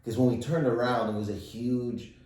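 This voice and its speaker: A man's voice: medium pitch, fairly even intonation, moderate pace, a little mellow. A man from Canada, a guest comedian, telling a rambling, profane anecdote on a podcast with bursts of laughter. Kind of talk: casual podcast storytelling. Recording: roomy, distant mic.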